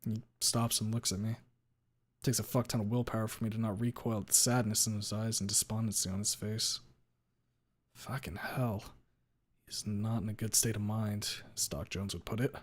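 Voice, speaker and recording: A man's voice: on the low side, little pitch movement, moderate pace. A man streaming a first-person story read-aloud, who occasionally stops to reread a line he stumbled on.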